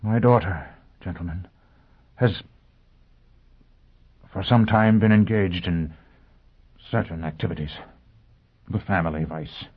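A man voicing a haughty older male tycoon who turns frantic and then drones in a monotone, in an audiobook reading. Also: deep voice, slow pace, long pauses, slightly rough, heavily acted. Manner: shifts from frantic to droning monotone. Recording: tinny phone-like audio.

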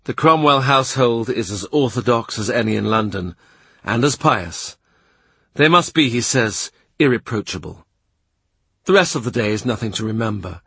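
A man narrating a literary audiobook in a measured, quiet way. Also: medium pitch, lively intonation, husky, no echo. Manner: measured, quiet, present-tense reading.

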